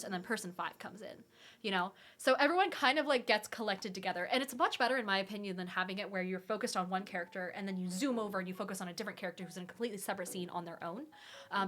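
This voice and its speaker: A woman hosting a live question-and-answer stream, talking very fast in casual, rambling chat with lots of fillers. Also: mid-range voice, pushed and bright. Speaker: livestream host answering tabletop game questions.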